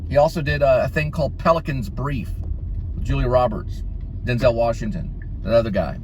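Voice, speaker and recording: A man's voice: medium pitch, moderate pace, a little hiss or hum. A man hosting a casual vlog, rambling through name-dropping anecdotes about actors. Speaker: vlog host, delivery runner.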